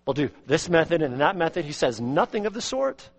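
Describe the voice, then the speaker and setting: A man preaching an expository sermon as pastor, earnest, repeating words and swinging from loud emphasis to quiet asides. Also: fairly high pitch, sing-song, fairly quick, in a large hall. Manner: earnest, repeats words, rises and drops sharply in volume.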